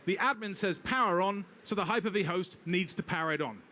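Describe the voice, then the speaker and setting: A British man giving a live technical talk with a demo, brisk and wry, talking straight to the audience. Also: sits high, pushed and bright. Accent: British English. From Britain. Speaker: technical presenter.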